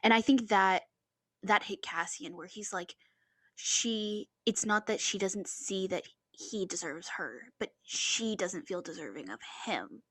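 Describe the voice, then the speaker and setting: A woman of middle pitch offers reflective comments on a book in a casual podcast chat. Her voice sounds close and dry, with no room echo. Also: lively intonation, a little slow, a bit bright, husky. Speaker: podcast co-host.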